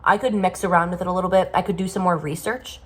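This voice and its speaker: A woman filming a casual baking vlog in her home kitchen, excitable and quick to gasp and exclaim. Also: fairly low pitch. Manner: excitable, gasps and exclaims often. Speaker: vlogger.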